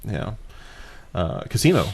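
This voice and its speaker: A man's voice: fairly low pitch, wildly swooping pitch, a little slow, vocal fry, slightly rough. A young man hosting a casual podcast, laughing often and explaining game rules with lots of fillers. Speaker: host.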